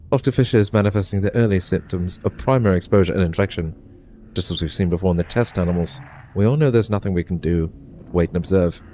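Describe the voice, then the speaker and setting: A grim male scientist with a put-on British accent reads out his notes in a measured, solemn tone, as a man voices him. The voice sits low, over a faint background hum. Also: darkish tone, lightly acted.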